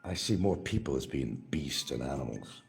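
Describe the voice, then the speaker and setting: A man's voice: rumbling low, sing-song, moderate pace, creaky, faint music behind. A man talking casually and wryly on a home livestream, drifting into sing-song bits and baby talk to his dogs. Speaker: livestream vlogger.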